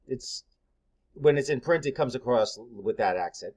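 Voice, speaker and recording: Blunt, lively-voiced middle-aged man. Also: medium pitch, measured pace. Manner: blunt, candid, conversational with frequent fillers. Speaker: massage therapist. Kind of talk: casual advice talk.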